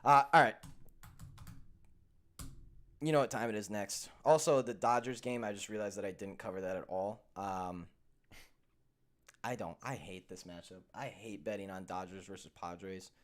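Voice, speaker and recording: Pausing often at a moderate pace, the young host of a sports betting program tells lively, foul-mouthed stories in relaxed chat, shifting from hot rants to quiet grumbling.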